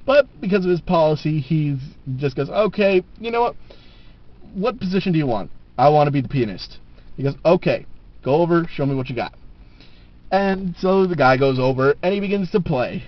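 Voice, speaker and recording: A man's voice: fairly high pitch, expressive, moderate pace. A man telling jokes casually to the camera, laughing at his own punchlines, on a dull lo-fi camera recording.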